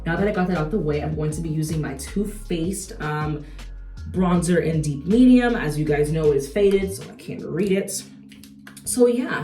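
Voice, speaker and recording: A young adult beauty vlogger chats while doing her makeup, slangy and animated with lots of rhetorical asides. Her voice is fairly low, captured from a distance in an echoey room.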